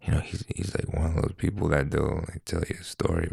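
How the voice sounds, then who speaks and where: A man in his thirties with a deep voice, talking in a casual, rambling monologue full of fillers and restarts. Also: steady tone, brisk, creaky, darkish tone, husky, no room sound, clean studio sound. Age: 30s. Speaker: vlogger.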